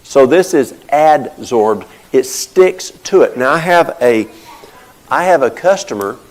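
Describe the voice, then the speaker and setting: A man's voice: mid-range voice, lively intonation, takes it slowly, rough recording. An older man giving a folksy teaching talk, telling stories and explaining with plain everyday examples. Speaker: health talk presenter.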